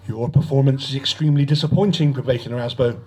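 A husky, domineering alien commander barks orders in a harsh, impatient voice, as a male reader puts him on. He pushes his commands up into outright shouts. Storybook sci-fi villain. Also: medium pitch, fast talker, lightly acted. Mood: commanding. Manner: barking orders, rising to shouts.

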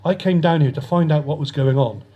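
A man's voice: a little high, brisk, husky, highs cut off. A man voicing a nervous, sardonic male journalist held captive by aliens, read aloud at a story reading. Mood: defiant.

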